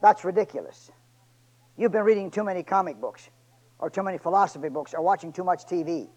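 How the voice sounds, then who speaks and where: High-voiced preacher man, shouting and hushed. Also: expressive, a little fast, poor audio. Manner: swings from shouting to quiet, joking asides. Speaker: pastor. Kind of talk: sermon. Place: church sanctuary.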